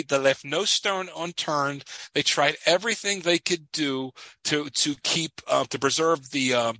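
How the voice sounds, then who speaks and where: Man, Philadelphia accent, bright forceful tone, dry close sound, earnest casual storytelling. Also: medium pitch, no room sound, poor audio. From Philadelphia area. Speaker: podcast co-host. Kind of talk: casual chat.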